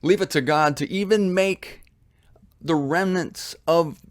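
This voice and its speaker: An American man giving a casual, animated Bible study with humorous asides. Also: a little high, slow, no echo, clean studio sound. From United States. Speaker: Bible teacher. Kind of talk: conversational Bible study teaching. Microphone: studio mic with headphones.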